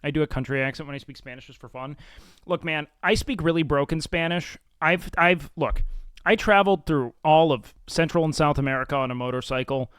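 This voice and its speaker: A man hosts a livestream, reading chat in a blunt, profane, self-mocking way. His voice is smooth and resonant and sits a little high for a man. It is recorded dry and close on the mic, with no room sound. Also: fairly quick, fairly bright tone, no room sound. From Mexican and Salvadoran heritage. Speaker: livestream host. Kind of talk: casual stream chat, reacting and reading chat.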